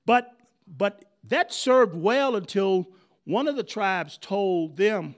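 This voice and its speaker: An older man giving a storytelling history talk, animated and conversational, often checking in with his audience. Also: high-pitched, slow pace. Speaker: history speaker.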